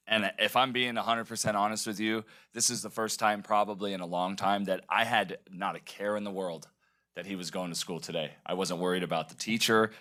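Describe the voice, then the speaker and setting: Deep-voiced emotional man at a meeting. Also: bright, forceful tone. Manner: heartfelt, emotional, many fillers. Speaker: board member. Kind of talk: public meeting remarks.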